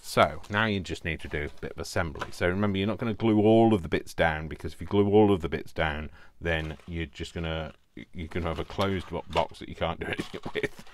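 A man's voice: sits low, a little fast, hardly any pauses. A man with a Yorkshire accent chatting casually as he walks through a craft project, talking to himself and poking fun at his own work. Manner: chatty, self-deprecating, talks to himself while working. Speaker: craft video host.

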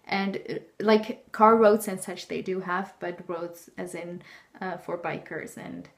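A woman's voice: on the low side, fairly even intonation, unhurried. A young woman from the Netherlands with a Dutch accent, chatting casually in her home vlog. She rambles along with lots of fillers and laughs, filming herself in her bedroom on a handheld camera. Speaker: vlogger.

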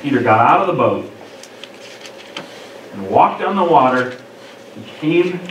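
A man preaching a sermon as pastor, expressive, acting out the lines he quotes. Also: medium pitch, a little slow, muffled recording. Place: church sanctuary. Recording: echoey church room from far off, faint noise.

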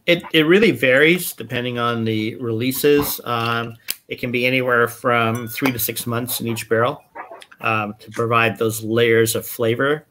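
Relaxed, chatty male whisky importer. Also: medium pitch, a little slow, a little hiss or hum. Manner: relaxed storyteller, many fillers. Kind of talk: casual chat.

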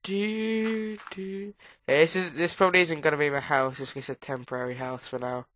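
A woman with a cold gives rambling casual commentary while playing a game, breaking into sudden high squeals. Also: quick pace, fairly bright tone, slight background noise. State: has a cold. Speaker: gamer. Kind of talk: casual let's play commentary. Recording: dull lo-fi recording.

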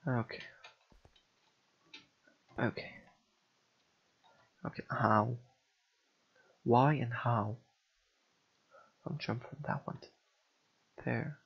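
Slow, muttering frustrated gamer guy. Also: medium pitch, steady tone, creaky, husky, highs cut off. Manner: frustrated, sighing, self-mocking muttering. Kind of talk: casual gameplay commentary.

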